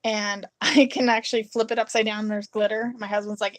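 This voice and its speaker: A woman in her thirties chatting casually through a home craft vlog, telling playful stories with bursts of giggles and sudden high squeals. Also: fairly quick, hardly any pauses. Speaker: craft vlogger.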